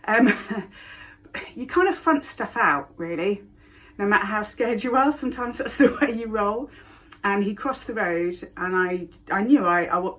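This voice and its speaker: A woman telling a personal story to camera, frank and blunt, often laughing as she speaks. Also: fairly low pitch. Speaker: vlogger.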